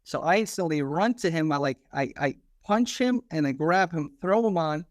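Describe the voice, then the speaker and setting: Animated slangy man telling a story. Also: on the high side, moderate pace, no echo, clean studio sound. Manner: animated, slangy, acts out quoted dialogue. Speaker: podcast guest, former police officer. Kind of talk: casual storytelling interview.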